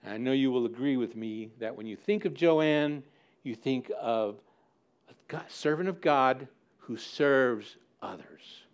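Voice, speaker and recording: A man's voice: medium pitch, measured pace, clean tone, dull audio. A man preaching a sermon as pastor, acting out listeners' objections with mock indignation and repeating key words to drive his points home.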